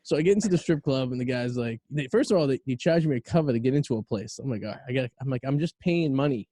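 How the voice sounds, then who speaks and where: A man tells a story fast and loose, swearing and laughing as he goes. His voice is dark and mellow, and the sound is dry and close. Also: mid-range voice, animated, dry recording. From Boston area. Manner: rambling, profane, laughing storyteller. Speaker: podcast co-host. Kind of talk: casual storytelling chat.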